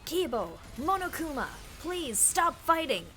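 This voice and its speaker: A woman's voice: very high-pitched, very animated, measured pace, bright, forceful tone. A woman streamer reading a game's dialogue aloud dramatically, joking and laughing along. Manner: playful, laughs often, reads lines dramatically.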